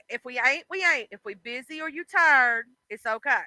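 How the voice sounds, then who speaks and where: A woman hosts a livestream in loose, chatty talk, swearing freely and leaning on fillers. Her voice sits high and sounds very bright and sharp. The sound is dry and close, with no room echo. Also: moderate pace, few pauses. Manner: chatty and profane, with lots of fillers. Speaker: livestream host. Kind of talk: casual livestream chat.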